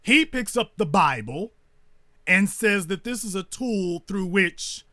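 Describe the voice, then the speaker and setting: A man's voice: high voice, expressive, takes it slowly, sharp tone, no room sound, studio quality. A man hosting a commentary monologue, repeating his points with rhetorical emphasis like a preacher and sounding indignant and scornful. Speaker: host.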